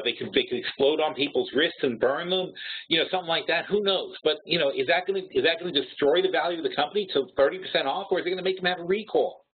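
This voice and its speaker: A man's voice: a little high, slightly rough. A man hosting a live trading webinar, rambling and correcting himself as he works through figures aloud. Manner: rambling, self-correcting, thinks aloud while calculating. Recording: tinny phone-line webinar audio.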